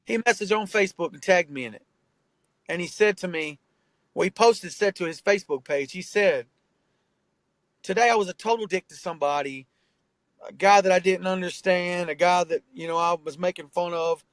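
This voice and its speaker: A man's voice: high voice, moderate pace, dry recording, poor audio. A man talking as a rapper and tattoo artist in an interview, earnest and emphatic, swearing freely and ending phrases with "man" and "bro". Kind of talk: candid interview talk.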